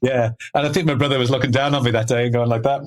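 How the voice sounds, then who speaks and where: A man's voice: medium pitch, steady tone, very fast. A middle-aged man, a guest telling stories in a rambling way, full of "you know" fillers. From Liverpool, England. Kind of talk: conversational storytelling.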